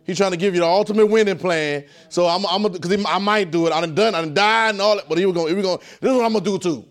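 Emphatic man preaching a Bible class. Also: racing. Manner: emphatic and repetitive, often dropping to a low, quiet voice. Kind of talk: call-and-response Bible teaching.

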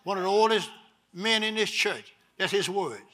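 Male pastor, high bright voice, preaches call-and-response, drops low to teach and rises loud to exhort. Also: animated, normal speed. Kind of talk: sermon.

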